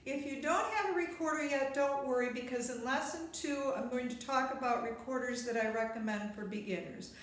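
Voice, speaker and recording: Woman music teacher, high lively voice, patient step-by-step instruction, echoey room. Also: fairly quick, few pauses. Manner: patient step-by-step teaching, addresses viewer directly. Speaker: recorder teacher. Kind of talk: instructional video lesson.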